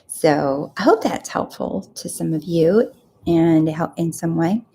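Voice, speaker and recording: A woman's voice: low voice, unhurried, gravelly, mellow. A woman hosting a live coaching talk, earnest and encouraging, often repeating her phrases. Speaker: host.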